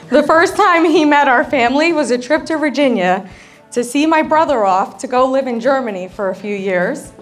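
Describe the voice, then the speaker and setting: A woman's voice: high-pitched, expressive, normal speed. A woman, the bride's sister, giving a wedding reception toast, joking about herself and laughing often. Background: faint crowd and music.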